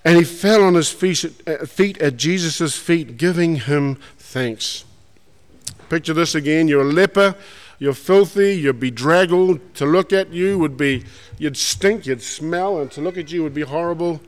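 A man preaches a sermon and retells the story with colloquial asides. His voice sits somewhat high for a man. The recording carries a long hall reverb. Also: unhurried.

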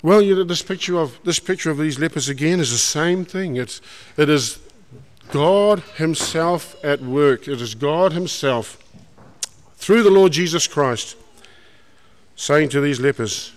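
A man preaches a sermon and retells the story with colloquial asides. His voice sits somewhat high for a man. The recording carries a long hall reverb. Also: a little slow, clean tone.

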